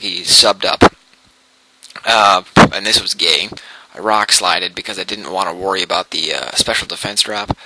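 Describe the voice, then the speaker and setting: A man's voice: fairly low pitch, bright, forceful tone, rough recording. A young man casually commentating his own game battle, rambling and correcting himself with lots of ums.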